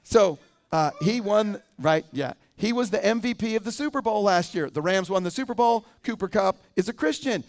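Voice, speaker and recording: High-voiced pastor preaching conversationally. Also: male voice, animated, normal speed. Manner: conversational, asks the congregation questions. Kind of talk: sermon.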